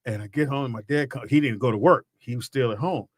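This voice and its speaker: A man on a podcast, telling a childhood story in casual chat and acting out loud quotes. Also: medium pitch, quick pace, no echo, clean studio sound. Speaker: podcast co-host.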